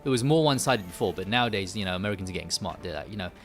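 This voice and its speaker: A man's voice: low voice, expressive, racing, soft background music. A man from the UK hosting a live game stream, rambling and joking with many restarts and fillers. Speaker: gaming livestream host. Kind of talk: casual live stream chat.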